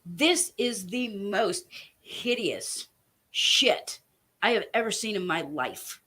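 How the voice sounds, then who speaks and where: In a mid-range voice that sounds pushed and bright, this online commentator rages at her viewers directly, swearing, making threats, and driving her points home. She speaks at a slow pace with lively intonation.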